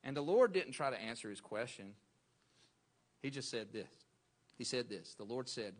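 A man's voice: mid-range voice, animated, moderate pace, fairly bright tone. A man preaching a sermon as pastor, speaking in a mid-range voice. He is emphatic and repeats phrases to drive points home.

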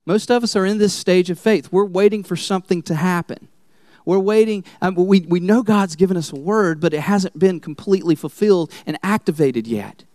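A male pastor preaching a sermon in church, telling the story in an animated way and laughing often. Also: high-pitched, moderate pace, no room sound, clean studio sound.

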